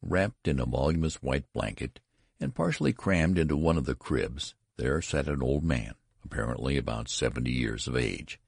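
Very deep, gravelly male narrator. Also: normal speed, dry recording, clean studio sound. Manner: expressive, theatrical reading. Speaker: audiobook narrator. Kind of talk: dramatic literary narration.

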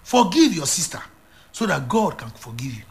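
A man's voice: a little high, big pitch swings, normal speed. A man preaching a sermon as an evangelist, emphatic and repetitive, with stammered restarts.

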